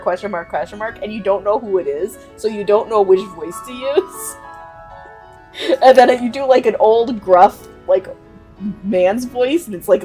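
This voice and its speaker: A woman streamer playing a game, making giggly, animated asides. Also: medium pitch. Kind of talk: game let's play.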